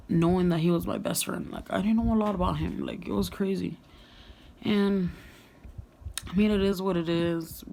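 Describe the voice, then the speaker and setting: Young woman, lowish gravelly voice, frank storytime vlog with faint background hiss. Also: a little mellow. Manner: candid, frank, heavy swearing, lots of "like". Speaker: vlogger. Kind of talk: casual storytime monologue.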